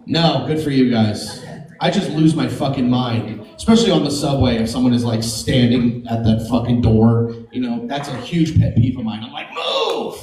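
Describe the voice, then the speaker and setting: A woman's voice: a bass voice, normal speed, warm tone. A brash woman tears through a stand-up set, swearing freely and cracking up at her own punchlines. Her voice carries around a roomy club space. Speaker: stand-up comedian. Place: comedy club stage.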